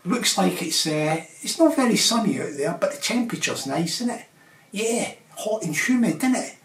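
A man's voice: high-pitched, very animated, moderate pace. A man vlogging in a rambling, casual monologue, chuckling and tacking on tag questions. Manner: chatty, repeats tag questions, chuckles often. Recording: roomy, distant from the mic.

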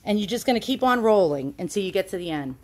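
A woman's voice: medium pitch, animated, quick pace. A chatty woman talks through a home demonstration, recorded indoors on a phone she holds in one hand. She is casual and self-deprecating, with lots of ums and uhs as she goes. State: out of breath at times. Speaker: YouTube channel host. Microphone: handheld phone.

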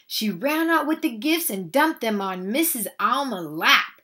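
A woman reading a children's picture book aloud, animated and expressive, speaking to young listeners. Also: on the high side, a little slow. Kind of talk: children's read-aloud narration.

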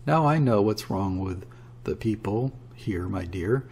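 Here is a half-mad old father, his voice raised and piercing, as a man reads him aloud. The old man's voice keeps a gravelly, husky grain even when it climbs, and his measured tones keep breaking into shrill cries. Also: exaggerated voice. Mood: crazed. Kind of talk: audiobook character reading.

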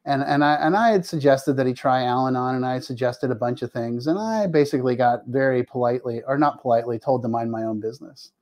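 A man's voice: mid-range voice, fast, few pauses. A middle-aged man, a family addiction therapist, telling candid personal stories in a podcast interview and acting out the people he quotes. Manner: animated, acts out quoted dialogue, frequent restarts.

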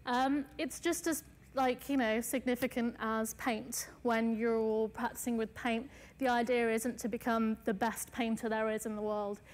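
A woman's voice: fairly high pitch, fairly even intonation, a little slow, in a large hall. A woman artist giving a casual lecture, chatty, with many fillers and light self-mocking asides.

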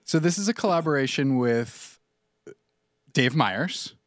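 A man's voice: medium pitch, lively intonation, unhurried, no echo, clean studio sound. A man co-hosting a culture podcast, talking casually with frequent laughs and fillers. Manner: laughs often while describing, many fillers. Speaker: podcast co-host. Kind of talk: casual chat.

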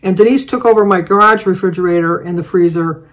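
A woman's voice: lowish voice, fast talker. An older woman vlogger telling a rambling, chatty everyday story, full of fillers and restarts. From Michigan, United States. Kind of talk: casual storytelling.

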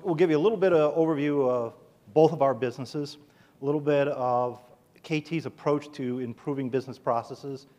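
Man, consultant, conference talk, brisk, organized, mid-pitched voice. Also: darkish tone. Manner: brisk, organized, outlining points. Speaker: consultant presenting. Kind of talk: conference presentation.

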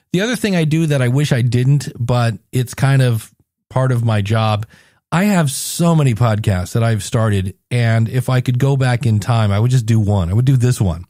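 A man's voice: medium pitch, a little mellow, no echo, studio quality. A man hosting his own podcast, chatty and jokey, acting out little scenes as he talks. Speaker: podcast host. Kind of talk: solo podcast talk.

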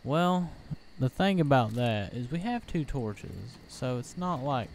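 Unhurried young man reacting to a game. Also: medium pitch, big pitch swings, gravelly, a little mellow, a little hiss or hum. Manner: jumpy, easily startled, talks to himself. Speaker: gaming YouTuber. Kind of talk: let's play commentary.

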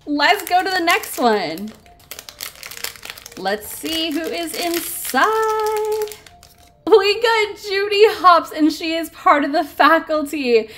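A woman's voice: extremely high pitch, expressive, slow pace, a bit bright, faint music behind. A woman hosting a casual toy unboxing, gushing and giggling over each cute figure.

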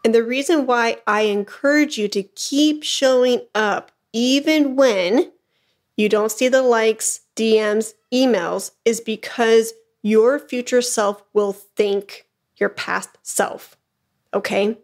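A woman's voice: fairly high pitch, takes it slowly. A woman hosting her own podcast, coaching listeners in an encouraging, emphatic way and often checking in with "okay?". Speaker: podcast host, flute business coach. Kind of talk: motivational solo podcast talk.

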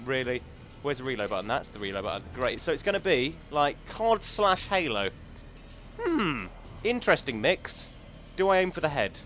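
A man's voice: a little high, fairly bright tone. A man hosting a gaming channel, chatting and joking casually as he thinks aloud through gameplay commentary.

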